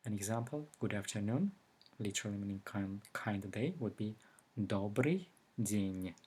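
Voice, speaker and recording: A man giving a recorded language lesson, explaining slowly and carefully with example words. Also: on the low side, lively intonation, a little mellow, slight background noise. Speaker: language teacher.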